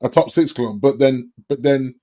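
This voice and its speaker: A man co-hosting a football podcast, jokey and agreeable, chiming in with quick yeahs. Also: mid-range voice, dark tone. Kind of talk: casual football chat.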